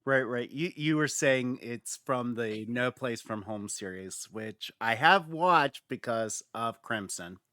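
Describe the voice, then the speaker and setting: A man's voice: medium pitch, slow, few pauses, pushed and bright, no echo, clean studio sound. A man hosting a gaming podcast in casual chat, laughing often and repeating words as he gathers his thoughts. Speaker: podcast host.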